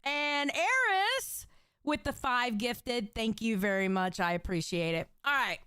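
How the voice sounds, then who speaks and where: Woman streamer host, lively and blunt, smooth clear tone. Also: fairly high pitch, unhurried, dry recording, studio quality. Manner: animated, reads chat aloud, swears casually. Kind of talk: casual livestream chat.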